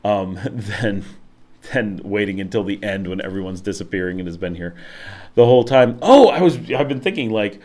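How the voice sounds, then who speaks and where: A man hosting a casual livestream from his home office, rambling through his thoughts with lots of fillers and lively swings in tone, talking to a desk mic. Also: fairly low pitch, moderate pace. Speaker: livestream host. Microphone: desk microphone.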